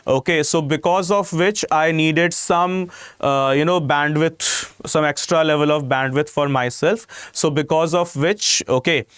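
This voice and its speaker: Man, Indian English accent, live class teacher, emphatic, lots of okays, slightly high voice, dry sound. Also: steady tone, a little slow, fairly bright tone, clear, resonant tone, no room sound. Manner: emphatic, peppers speech with "okay" and "you know". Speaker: exam-prep teacher. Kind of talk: live-streamed class talk to students.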